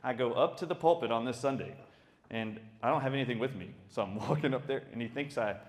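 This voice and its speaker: A middle-aged man tells his own stories as a doctor giving a talk. He speaks with emphatic, animated energy and often laughs along the way. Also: mid-range voice, fast. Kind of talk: storytelling talk.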